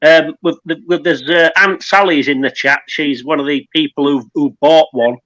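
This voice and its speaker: A man's voice: on the high side, moderate pace, a bit bright, dry recording, poor audio. A man from England talking casually on his phone, explaining how to use his heater kit step by step. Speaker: guest survivalist. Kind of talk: casual chat.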